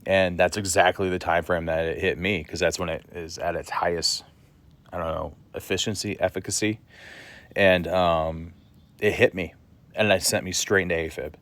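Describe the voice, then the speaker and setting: Deep-voiced man telling a story bluntly. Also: fairly even intonation, moderate pace, fairly bright tone. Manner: blunt, swears freely. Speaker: vlogger. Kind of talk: casual storytelling to camera.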